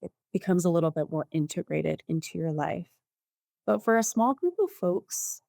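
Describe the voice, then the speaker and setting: A woman therapist co-hosting a podcast, explaining clinical ideas in a calm, measured way. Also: on the low side, no room sound, clean studio sound. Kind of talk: podcast discussion.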